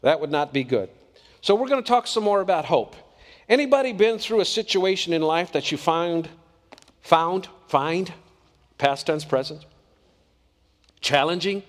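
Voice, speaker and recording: A man's voice: on the high side, expressive, measured pace, long pauses, big-room sound. A man preaching a sermon in an earnest, conversational way, often asking the congregation questions.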